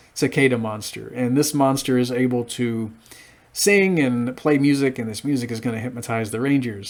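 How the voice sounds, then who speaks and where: Man, late thirties, mid-range pitch, solo episode reviewer, loose chatty recap, lots of fillers. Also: darkish tone.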